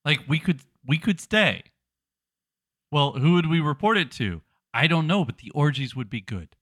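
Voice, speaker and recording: A man's voice: fairly high pitch, lively intonation, brisk, a bit bright, no echo, clean studio sound. A young adult man co-hosting a podcast in casual chat, wry and playfully indignant. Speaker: podcast co-host.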